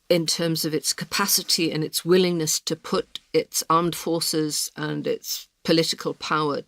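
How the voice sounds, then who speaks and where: A woman speaks as an interview guest, emphatic and passionate as she makes her points. Her voice sits fairly low. The sound is dry and close, with no room echo. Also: fairly bright tone. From Britain. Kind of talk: interview answers.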